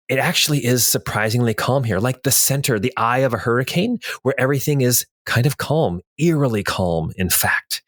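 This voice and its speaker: A man's voice: mid-range voice, dry recording, clean studio sound. A man narrating a tabletop game as game master, in dramatic storytelling that turns to loose prompting of the players.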